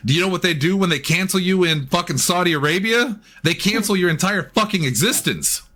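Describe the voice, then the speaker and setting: A man's voice: high voice, a little fast, bright, forceful tone. A man hosting a casual podcast chat, ranting heatedly with plenty of profanity. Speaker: podcast host.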